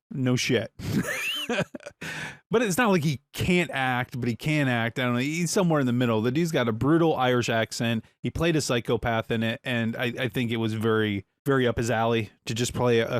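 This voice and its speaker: A man's voice: medium pitch, a little fast, no echo, studio quality. A man co-hosting a podcast in rambling, laid-back casual chat, swearing now and then. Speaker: podcast co-host.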